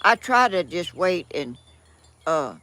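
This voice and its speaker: A woman's voice: fairly low pitch, very animated, slow pace, bright, forceful tone. An older woman with a Georgia Southern accent chatting folksily on her vlog, rambling and poking fun at herself. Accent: Southern American, Georgia. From southern United States. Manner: rambling, folksy, self-deprecating. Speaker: vlogger. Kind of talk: casual chat reading viewer comments.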